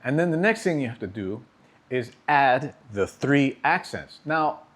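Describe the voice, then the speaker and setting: In this drum lesson, a man patiently walks his students through technique and keeps asking "okay?" to check they follow. He speaks at a measured pace with an animated, medium-pitched voice that is fairly bright.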